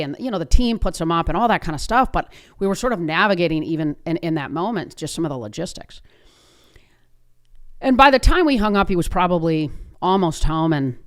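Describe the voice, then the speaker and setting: Energetic woman telling a motivational story. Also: fairly low pitch. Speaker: podcast host. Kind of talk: motivational podcast talk.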